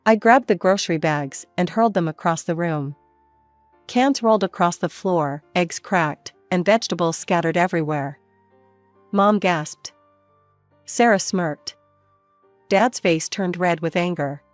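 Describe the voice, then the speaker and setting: Woman narrating a family story, low-pitched. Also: a little slow, dry recording, soft background music. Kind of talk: first-person story narration.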